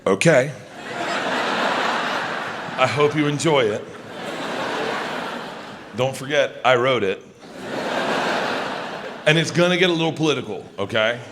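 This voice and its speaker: A man in his fifties telling stand-up stories on stage, loud and swinging between low asides and shouted high bursts. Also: unhurried, long pauses. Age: 50s. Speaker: stand-up comedian. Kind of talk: stand-up comedy storytelling. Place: large arena on stage. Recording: live show with clear crowd noise. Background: audience laughter.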